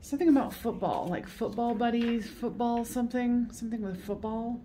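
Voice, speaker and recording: A woman talking as a psychic medium through a solo reading, halting and repeating phrases, soothing and coaxing as she goes. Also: fairly high pitch, steady tone, dark tone, slight background noise.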